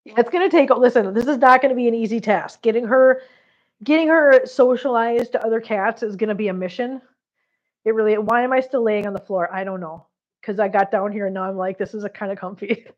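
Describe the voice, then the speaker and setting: A cat channel host livestreams from her floor at home, laughing a lot as she talks to viewers and babbles baby talk to her cat. Her voice is fairly high and a little fast, and the audio is dull.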